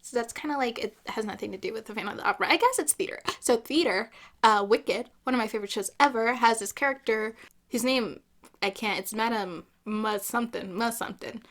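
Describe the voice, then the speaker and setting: Gaming vlogger, woman, a bit high voice, opinionated and chatty. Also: a little fast, fairly bright tone. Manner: opinionated, chatty, jokey asides. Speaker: gaming YouTuber. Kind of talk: casual gameplay commentary.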